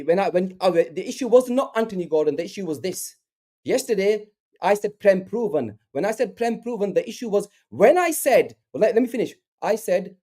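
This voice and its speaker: Male football pundit, heated and repetitive, very lively intonation. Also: high voice. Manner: animated, argumentative, repeats himself, talks over others. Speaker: podcast panelist.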